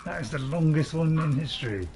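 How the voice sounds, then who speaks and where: A man's voice: on the high side, fairly quick, noisy background. A man hosting his own channel, talking to himself through a gameplay commentary in a rambling, chatty way with frequent chuckles. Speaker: gaming channel host. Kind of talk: let's-play gameplay commentary.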